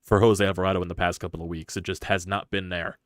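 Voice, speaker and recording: Frustrated low-voiced man ranting. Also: level tone, dry recording, clean studio sound. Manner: frustrated, profane, rapid-fire rhetorical questions. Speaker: sports channel host. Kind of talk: live-streamed sports rant.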